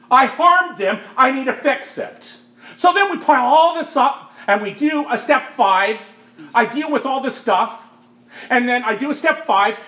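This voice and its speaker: A man sharing his recovery story with a group in testimony style, emphatic, often asking "Right?" and getting louder at times. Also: very high voice, echoey room.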